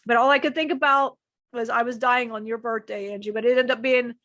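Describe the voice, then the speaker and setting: A woman's voice: on the high side, fairly even intonation, brisk, a bit bright, no echo. A woman co-hosting a live stream, sharing personal struggles in a rambling, emotional way, often restarting sentences and swearing casually. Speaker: channeler co-host.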